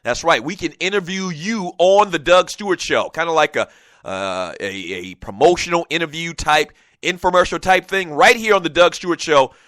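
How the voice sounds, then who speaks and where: A man hosting a casual sports talk show, animated and chatty, talking straight to his listeners. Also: fairly high pitch, moderate pace, dry recording.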